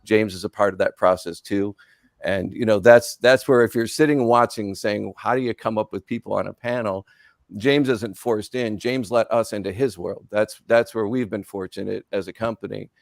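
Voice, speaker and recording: A man with a low, gravelly voice and a dry, close sound, speaking earnestly as a company executive on a webinar panel. He repeats words as he builds his points. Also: moderate pace, dry recording. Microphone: video call.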